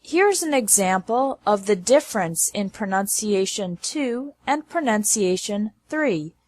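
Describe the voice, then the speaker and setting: A woman teaching English pronunciation, reading word lists slowly and enunciating each word with care. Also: medium pitch, lively intonation, a little mellow. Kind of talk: slow scripted lesson narration.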